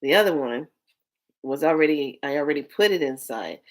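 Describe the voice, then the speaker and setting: A woman's voice: low voice, animated, normal speed. A woman vlogger telling a personal story in a candid, emotional way, swearing freely.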